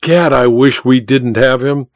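A man's voice: medium pitch, measured pace, dry recording, studio quality, close to an everyday voice. A man voicing a boisterous, wealthy male mining magnate who banters and boasts heartily in a storybook reading. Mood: jovial.

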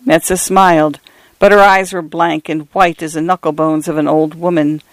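A man narrating first-person literary fiction in a measured, even storytelling voice. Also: a little high, dry recording. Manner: measured, evenly paced storytelling.

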